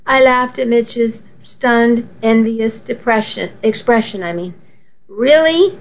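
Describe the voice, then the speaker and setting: Brief: woman narrating a novel, slow and intimate, dull lo-fi recording. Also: a little high. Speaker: audiobook narrator. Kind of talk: first-person novel narration. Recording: slightly muffled lo-fi audio.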